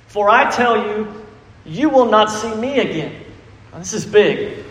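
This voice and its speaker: A man's voice: sits high, animated, slow pace, pauses often, a bit bright. A man preaching a sermon, emphatic and full of questions to the congregation. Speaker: pastor. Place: church sanctuary. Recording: echoey reverberant church hall.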